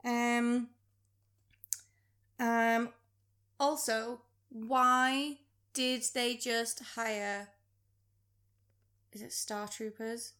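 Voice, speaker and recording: A woman co-hosting a film podcast, giving blunt, sarcastic, animated opinions in casual chat. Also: a little high, drawn-out words, long pauses. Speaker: podcast co-host.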